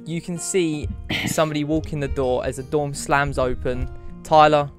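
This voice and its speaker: A man's voice: a little high, fairly even intonation, moderate pace, faint music behind. A young man who narrates as game master in a tabletop game, talking in a casual way with restarts and laughs.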